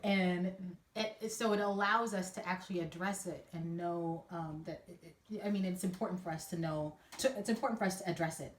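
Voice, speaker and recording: Woman, co-host, casual rambling chat, low-pitched, echoey room. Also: fairly quick. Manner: rambling, hesitant, many fillers and restarts. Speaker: podcast co-host. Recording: echoey room with faint noise.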